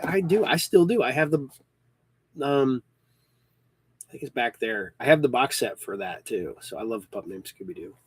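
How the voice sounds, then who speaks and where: A man in his early fifties hosts a podcast, his mid-range voice chatting casually and rambling with lots of ums and restarts, plus an occasional hiccup. There's no room sound.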